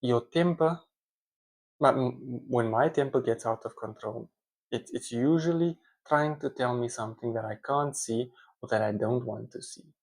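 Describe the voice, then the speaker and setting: A man's voice: medium pitch, normal speed, gravelly, a little mellow. A man voicing a thoughtful young cartoon water man who speaks earnestly and reflectively.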